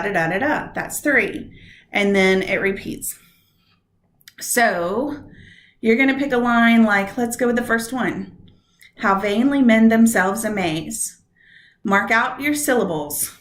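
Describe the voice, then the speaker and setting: A woman teacher giving a recorded lesson on poetry meter, walking through stress patterns slowly and step by step. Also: medium pitch, fairly bright tone, echoey room, a little hiss or hum.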